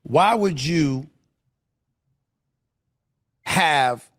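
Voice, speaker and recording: A media personality appearing as a podcast guest speaks extremely slowly in a slightly high, bright and animated voice. In this casual conversation he is blunt and emphatic, repeating himself to drive points home.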